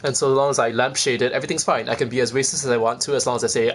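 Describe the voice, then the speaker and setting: A man's voice: mid-range voice, steady tone, very fast. A man streaming a video game, rambling casually and chatting to viewers with self-deprecating asides. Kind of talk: casual gameplay commentary.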